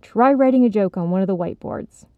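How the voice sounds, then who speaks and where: A woman's voice: medium pitch, no echo, close to an everyday voice. A woman voicing an impatient, demanding young man in a storybook reading. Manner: brisk, frustrated. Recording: slightly dull, dry recording.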